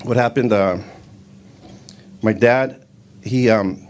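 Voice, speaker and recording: A man in his fifties doing a stand-up comedy set on a club stage, rambling in a deadpan way with lots of fillers. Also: lowish voice, slow pace, a little hiss or hum. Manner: rambling, deadpan delivery with frequent fillers, breaks into shouted Spanish quotes.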